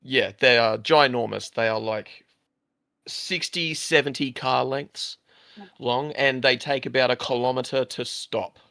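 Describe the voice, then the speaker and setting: A man's voice: medium pitch, steady tone, a little slow, gravelly, sharp tone, no room sound. A man with an Australian accent chatting casually on a livestream, blunt and crude with plenty of fillers. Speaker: livestream host. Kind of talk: casual chat.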